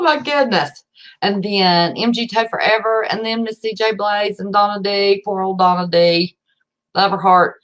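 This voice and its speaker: A livestream host speaking from home in West Virginia, she has an Appalachian accent and a medium-pitched, slightly bright voice. She keeps things chatty and folksy, greeting viewers by name and calling them honey.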